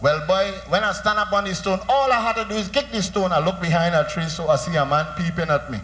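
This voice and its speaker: A male comedian with a Trinidadian accent, telling stories in a comic monologue full of animated storytelling and funny sound effects. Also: sits high, fast.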